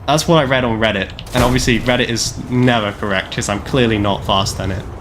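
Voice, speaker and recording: A man in his twenties talks through a live game stream in a loose, rambling way. He jokes at his own expense and fills his sentences with casual fillers. His voice sits at an ordinary middle pitch, with faint noise in the background. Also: fast. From Canada. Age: 20s. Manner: rambling, self-deprecating, jokey, lots of "like" fillers.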